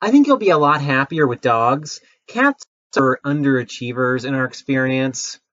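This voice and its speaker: A man playing a rude corporate job interviewer in a comedy sketch, brisk, deadpan and condescending. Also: mid-range voice, dry recording, highs cut off, close to an everyday voice.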